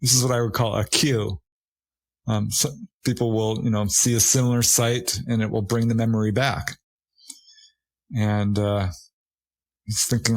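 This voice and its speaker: A man's voice: moderate pace, long pauses, no room sound. A man telling a witness's story in casual conversation, laughing often and raising his voice to act out the people he quotes. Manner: animated retelling, acts out quoted witnesses with raised pitch; laughs often while talking. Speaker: guest, paranormal investigator.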